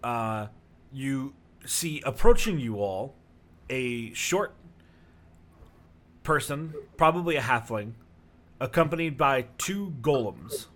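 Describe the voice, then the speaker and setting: A man narrating as game master in a tabletop game, describing scenes in a relaxed, rambling way with many fillers. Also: medium pitch, slow pace, pauses often.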